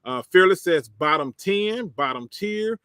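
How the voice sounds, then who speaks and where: Lively male sports streamer, sarcastic and quick to laugh, slightly high voice, dry close sound. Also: smooth, no room sound. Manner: animated, sarcastic, laughs often, talks to chat. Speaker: host of a sports livestream. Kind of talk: casual livestream commentary, reading chat.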